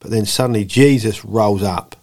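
A man co-hosts a relaxed faith podcast in a fairly low voice. He slides between sermon-like lines and playful jokes. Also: moderate pace. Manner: playful, preachy, breaks into jokey voices. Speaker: podcast co-host. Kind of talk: casual faith podcast chat.

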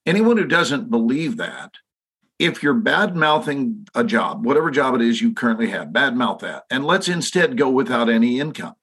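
A man's voice: medium pitch, lively intonation, normal speed, fairly bright tone, husky. A man in his sixties with a Texan accent, a podcast guest telling stories emphatically and asking listeners rhetorical questions. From Texas. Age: 60s. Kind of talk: podcast conversation.

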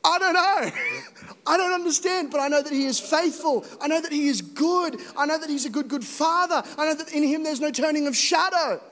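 A young man preaching an animated, joking sermon to a Sunday congregation. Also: very high-pitched, a little fast. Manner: animated, joking, rising to emphatic exhortation. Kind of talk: energetic sermon. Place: church hall. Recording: echoey hall reverb.

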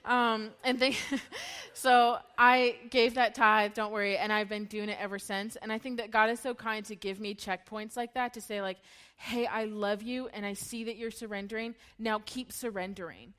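A woman's voice: medium pitch, steady tone, normal speed, a bit bright. A woman in her thirties gives a candid, emotional personal testimony at a church gathering and laughs often as she talks. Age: 30s. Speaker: church speaker.

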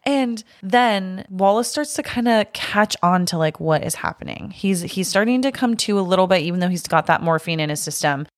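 A woman's voice: medium pitch, lively intonation, normal speed, few pauses, no echo, studio quality. A woman co-hosting a podcast, casually recapping a horror film and acting out the characters' lines. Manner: retells scenes, acting out quotes. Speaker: podcast co-host.

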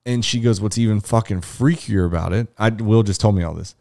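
Low-voiced man telling a profane story. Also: a little fast, gravelly, a little mellow. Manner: profane, storytelling with acted-out quotes. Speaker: podcast co-host. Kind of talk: casual chat.

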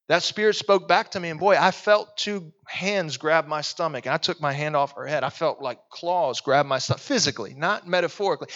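A man preaching a sermon, telling stories earnestly and sometimes dropping to a hushed, intense voice. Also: on the high side, muffled recording.

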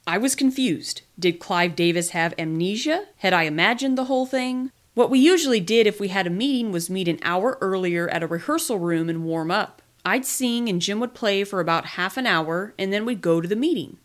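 A woman reading a memoir aloud in the first person, with lively, expressive storytelling. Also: medium pitch, normal speed, few pauses. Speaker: podcast reader.

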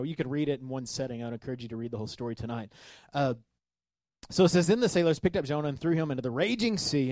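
A man preaching a sermon as pastor, reading scripture and commenting with animated asides. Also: fairly high pitch, no echo. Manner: animated, acts out the sailors' voices.

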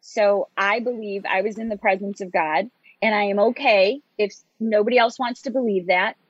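Woman guest from Michigan, open and animated storyteller, husky and dry, slightly muffled audio. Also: medium pitch, moderate pace, no room sound. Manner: open, animated, laughs often. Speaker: guest, motivational speaker. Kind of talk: conversational interview storytelling. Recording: dull lo-fi sound.

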